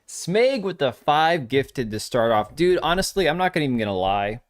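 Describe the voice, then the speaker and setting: A man's voice: fairly high pitch, sing-song, moderate pace. A middle-aged man hosting his own livestream, tired and sore, chatting loosely, joking, chuckling and swearing casually from a home setup. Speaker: streamer hosting his live show.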